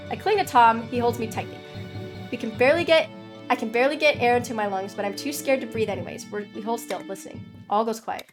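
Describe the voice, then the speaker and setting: A woman streamer reading a story game aloud, excitable and dramatic, breaking off her narration for outbursts. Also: fairly high pitch, fast talker, soft background music.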